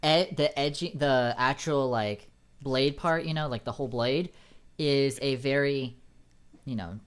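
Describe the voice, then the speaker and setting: Guy dming a tabletop game, lots of ums while he describes stuff, mid pitch. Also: measured pace, smooth. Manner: hesitant, searching for words with many ums. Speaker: dungeon master. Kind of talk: narrating a tabletop game casually.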